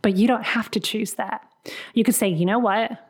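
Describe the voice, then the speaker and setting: An earnest woman hosting a career-coaching podcast, speaking in an emphatic, motivational way. Her voice sits at a middle pitch, and she often acts out quick lines of dialogue. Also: steady tone.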